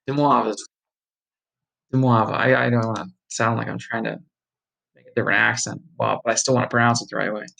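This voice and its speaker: A man's voice: mid-range voice, flat delivery, quick pace, vocal fry, sharp tone, rough recording. A man thinks aloud, reading course notes and practising a pronunciation in a casual study session. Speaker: online study blogger.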